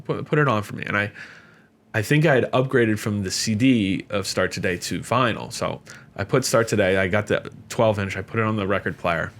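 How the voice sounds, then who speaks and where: A middle-aged man as a podcast guest, telling stories casually with lots of fillers and animated jumps in pitch whenever he quotes someone. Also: normal speed. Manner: animated, jumps up in pitch when quoting others; chatty with many fillers. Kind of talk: casual storytelling.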